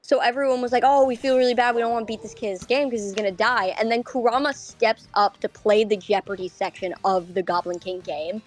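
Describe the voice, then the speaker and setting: Woman co-host, higher voice, chatty, faint music behind. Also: quick pace, hardly any pauses. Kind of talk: casual chat.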